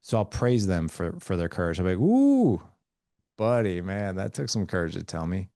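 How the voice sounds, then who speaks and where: Deep gravelly dude on a podcast, earnest dad stories, acts out the kid lines, dry mic. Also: male voice, brisk, darkish tone, no echo. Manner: earnest storytelling, acting out dialogue with his kids. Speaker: podcast guest. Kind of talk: conversational interview.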